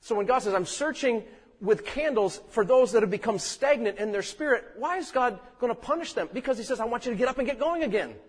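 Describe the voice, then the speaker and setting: Male preacher, high and husky, animated sermon delivery, long hall reverb. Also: fast talker. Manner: animated storytelling preacher, acts out quotes. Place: church sanctuary.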